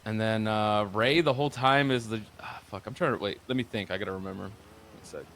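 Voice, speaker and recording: There's a faint hiss or hum behind this man's lowish, fairly bright voice as he talks briskly. A roleplay streamer, he tells a rambling, foul-mouthed story from a roleplay game, full of filler words.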